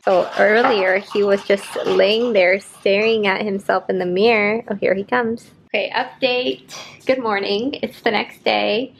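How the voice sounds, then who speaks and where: A woman's voice: mid-range voice, fairly even intonation, measured pace, gravelly, a little hiss or hum. A young woman in her twenties chatting in a casual home vlog, cooing baby talk to her dog. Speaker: vlogger. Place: home, indoors.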